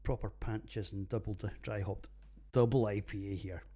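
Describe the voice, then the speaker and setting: Scottish man, middle-aged, lowish voice, crude jokey banter, casual podcast chat. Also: steady tone, normal speed, mellow. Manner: sweary, jokey and blunt, rough pub banter. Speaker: podcast host reviewing beers. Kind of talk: casual solo podcast monologue.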